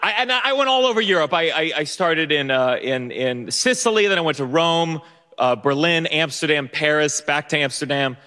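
A man's voice: on the high side, moderate pace, sharp tone. A young man telling a personal story on stage, nervous and self-mocking, with many restarts and laughs. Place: stage before an audience. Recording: long stage reverb.

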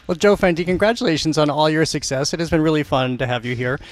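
A man's voice: on the high side, fast, background noise. A man hosting a radio culture show, chatty and laughing often with his guest. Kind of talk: radio interview and show links.

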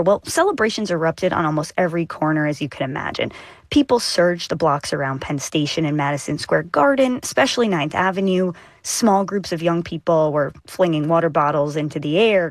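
A woman's voice: low-pitched, animated, moderate pace, no echo. A woman reporter describing street scenes she covered, speaking with a radio host in a live news interview.

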